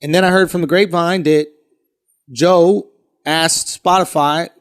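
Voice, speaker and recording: A man with a notably high voice talks in casual podcast chat. He argues at length and swears freely, blunt and direct about what he thinks. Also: fairly even intonation, a little slow, smooth. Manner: blunt and profane, argues his point at length. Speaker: podcast co-host.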